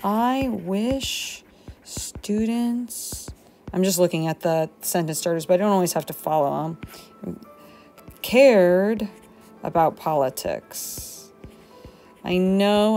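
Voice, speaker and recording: Slow-talking, gravelly-voiced woman teacher musing. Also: on the low side, mellow, faint music behind. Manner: slow, musing, talks to herself as she writes. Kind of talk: thinking aloud while writing a journal demo.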